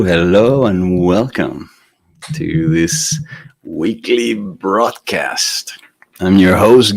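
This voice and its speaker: A man with a very low voice speaks slowly and gently as he hosts a live meditation stream. His talk is chatty and easygoing, with soft laughs and plenty of ums. The sound is close and dry, with faint music behind him. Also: no room sound. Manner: gentle, chatty, laughs softly, many fillers. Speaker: host of a weekly meditation broadcast. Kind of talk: casual live-stream chat greeting viewers.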